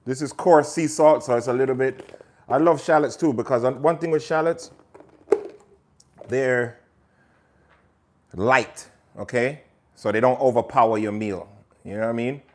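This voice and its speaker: A man's voice: medium pitch, unhurried, long pauses. Chatty man cooking live. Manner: chatty, talks to viewers while cooking, drifts into patois. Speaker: cooking show host. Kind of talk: live cooking stream, casual chat. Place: home kitchen.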